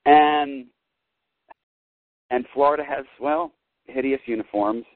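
A man rants on his call-in sports talk show, fired up and slow-paced, dropping into mutters and then bursting out loud. His voice is medium in pitch and comes through thin and tinny, as if over a phone line, in a dry recording with no echo.

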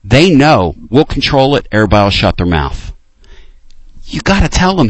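A man hosting a late-night sports call-in show, ranting with fire and dropping to low, intense urging. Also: sing-song, normal speed, no echo. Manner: fired-up ranting, swinging between loud outbursts and low intense urging. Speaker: sports talk show host.

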